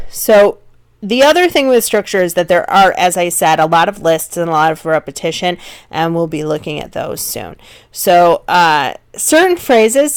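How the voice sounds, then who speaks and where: A woman's voice: lowish voice, no room sound. A woman teaching a recorded lecture, conversational and full of ums and restarts.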